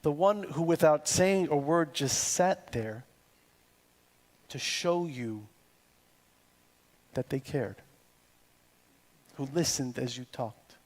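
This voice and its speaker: A man preaching a sermon as cantor in a synagogue, with a deliberate delivery built on poetic repetition. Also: on the high side, darkish tone. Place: synagogue sanctuary. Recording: long reverb in a large hall with faint music.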